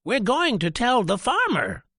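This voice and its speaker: A frantic little chick squeals its alarm in a high, shrill voice that leaps up and down in pitch, as a man puts him on. The storybook delivery is slow and deliberate, recorded close and dry with no room around it. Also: wildly swooping pitch, sharp tone, no echo, exaggerated voice. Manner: shrill, exclaiming.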